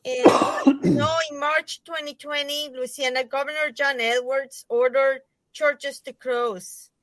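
A woman's voice: high voice, steady tone, unhurried, dry recording, low-quality recording. A woman calling in to a talk show to give an earnest report, with some hesitant fillers. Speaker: caller. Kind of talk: call-in report.

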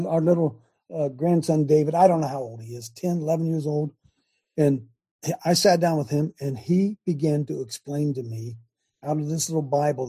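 Gravelly, husky older man hosting. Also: on the high side, dark tone. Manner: impassioned, preachy, apologetic asides. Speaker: host. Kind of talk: call-in faith talk.

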